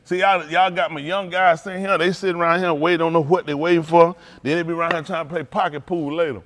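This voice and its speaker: A man preaching a humorous sermon speaks quickly in a fairly bright, high-ish voice with a level tone, and slight background noise can be heard. He jokes and laughs often, calls out to the congregation for responses, and rambles casually with many restarts.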